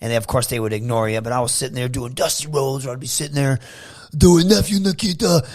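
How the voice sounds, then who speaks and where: A man from Michigan, a wrestler guest telling animated stories in a casual interview, often slipping into loud impressions. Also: medium pitch, rapid-fire. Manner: animated storyteller who slips into loud impressions.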